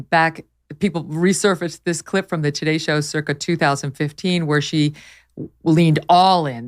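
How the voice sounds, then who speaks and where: A woman hosts a casual commentary show in a somewhat low voice. She talks in a mocking, incredulous way and laughs often. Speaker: show host.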